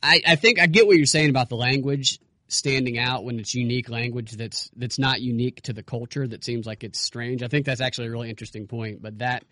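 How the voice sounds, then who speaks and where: A man's voice: medium pitch, pushed and bright, no echo, clean studio sound. Argumentative male podcast co-host. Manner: argumentative, rhetorical questions. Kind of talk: casual political podcast chat.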